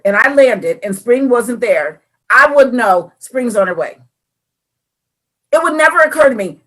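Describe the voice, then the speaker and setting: A woman's voice: medium pitch, moderate pace. A woman, co-hosting a casual faith chat and animatedly talking through her thoughts. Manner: animated, acts out quoted voices. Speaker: podcast co-host.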